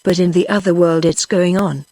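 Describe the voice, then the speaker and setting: A woman's voice: fairly low pitch, fairly even intonation, moderate pace, warm tone, no echo, lightly acted. Mister Noah, a synthetic woman reading a wise wooden toy man. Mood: calm explaining. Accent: British English. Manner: patient, explaining. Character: wise little wooden Noah's Ark man, calm.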